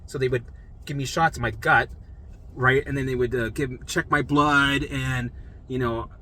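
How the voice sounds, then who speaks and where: Young man, blunt casual storyteller, crisp bright tone, faint noise behind. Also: medium pitch, fairly even intonation, moderate pace. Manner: blunt, swears freely, acts out voices of others. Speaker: storyteller sharing his recovery.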